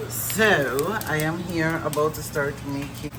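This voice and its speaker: Young woman, low voice, loose rambling vlog chat, off camera on a phone in a noisy kitchen. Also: steady tone, slow. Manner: chatty, rambling, loose and informal. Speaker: family vlogger. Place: home kitchen. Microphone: phone camera, speaker off screen. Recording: noisy home phone recording.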